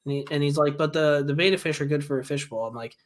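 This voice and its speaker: A man's voice: fairly high pitch, quick pace. A young man co-hosting a podcast, telling stories in casual chat, swearing freely and getting worked up with exasperation. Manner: profane, animated storytelling with bursts of exasperation. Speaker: podcast co-host.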